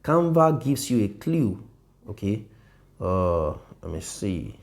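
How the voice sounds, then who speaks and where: A man's voice: lowish voice, very animated, takes it slowly, creaky. A man teaching a design lesson over a screen share, often repeating himself and checking in with "okay" and "you see".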